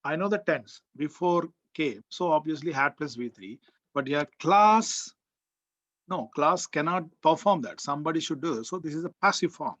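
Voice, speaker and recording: His voice is a little high and fairly bright, moving at a moderate pace with lively intonation. He's a college grammar lecturer with an Indian English accent who repeats key words and quizzes the class, recorded with a dull, muffled lo-fi quality.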